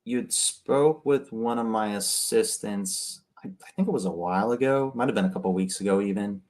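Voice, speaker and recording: A man casually coaching people on cold calling between phone calls, often tagging his points with a quick "right?". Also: lowish voice, a little mellow. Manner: conversational, keeps adding "right?". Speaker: real estate wholesaling coach.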